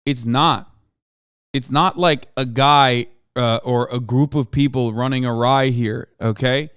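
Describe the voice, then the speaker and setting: A man's voice: medium pitch, steady tone, unhurried, a bit bright, clear, resonant tone, no room sound, studio quality. A man streaming a reaction, ranting angrily and emphatically with heavy profanity. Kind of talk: heated livestream reaction commentary.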